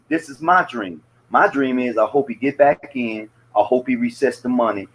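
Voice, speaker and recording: Southern-accented man, casual guest on a chat podcast, loose and profane, mid-pitched voice. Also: a little hiss or hum, poor audio. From American South.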